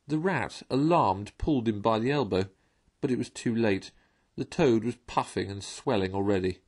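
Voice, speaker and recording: A man's voice: fairly low pitch, normal speed, a little mellow, slightly rough. A man reading a children's storybook aloud, narrating expressively.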